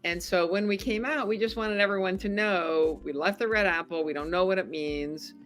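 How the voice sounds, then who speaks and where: A middle-aged woman, a podcast guest, telling a story in casual chat, animated and laughing often. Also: medium pitch, normal speed, soft background music. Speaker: podcast guest, former game show contestant.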